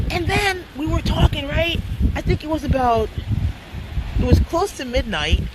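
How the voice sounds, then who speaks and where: A woman's voice: sits high, animated, normal speed, background noise. A woman telling a story in a casual vlog, chatty and slangy, laughing often. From United States. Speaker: vlogger.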